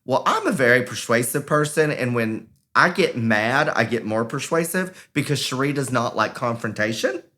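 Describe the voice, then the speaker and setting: A bright, forceful male voice, telling a story in a relaxed chat. He jumps around in pitch as he acts out the other people in the story and chuckles between lines. His voice sits at an ordinary middle pitch. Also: normal speed, hardly any pauses. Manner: animated, acts out quoted voices, laughs while telling. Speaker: podcast co-host. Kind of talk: casual storytelling.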